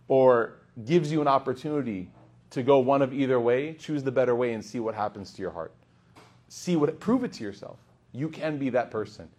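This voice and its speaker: A man's voice: medium pitch, slightly rough. A man giving a humorous storytelling sermon as a religious teacher, acting out the people in his story. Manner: animated, humorous, acts out quoted voices.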